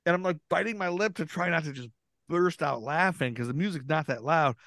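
A man's voice: on the high side, fairly quick, vocal fry, fairly bright tone, no echo, studio quality. A man as a podcast guest, telling a story with lots of laughter and swearing, acting out what people said. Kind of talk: casual storytelling.

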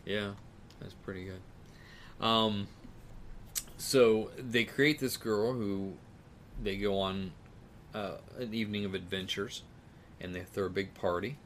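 A man's voice: on the low side, fairly even intonation, slow, long pauses, fairly bright tone, a little hiss or hum. A man hosting a casual movie chat, rambling and laughing often as he trails off. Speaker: podcast host.

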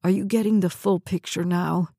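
A woman reading the part of a bitter, injured young man in a hospital bed, with a gravelly, curt voice. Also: lowish voice, steady tone, normal speed, mellow, dry recording, clean studio sound. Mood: harsh.

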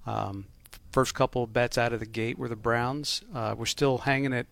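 A man's voice: medium pitch, steady tone, moderate pace, gravelly, a bit bright. A middle-aged man, an oddsmaker co-hosting a podcast, explaining betting lines in an easygoing way, laughing often. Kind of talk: casual sports betting chat.

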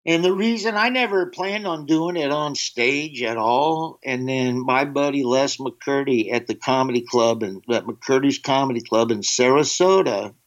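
A comedian telling rambling stories in a casual interview, with lots of fillers and quick switches into a drawling character voice for quoted lines. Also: medium pitch. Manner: rambling anecdotes, slips into a drawling put-on voice for quotes. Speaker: comedian guest. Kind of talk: casual storytelling. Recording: dull lo-fi sound.

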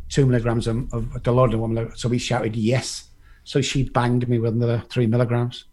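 Husky Englishman telling a blunt story. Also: mid-range voice, darkish tone. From England. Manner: blunt and profane, acts out the voices in his story. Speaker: recovery speaker. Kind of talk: personal storytelling to a live group.

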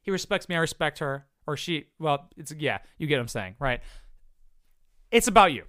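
A man's voice: a little high, animated, normal speed, pushed and bright, no echo. A man giving casual advice to viewers in a blunt, profane, rambling way. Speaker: content creator answering viewer questions.

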